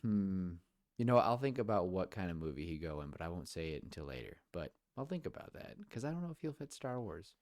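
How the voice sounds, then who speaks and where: Animated, chatty male podcast host. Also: low voice, fast talker. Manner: chatty, rambling, laughs often. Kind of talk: casual podcast chat.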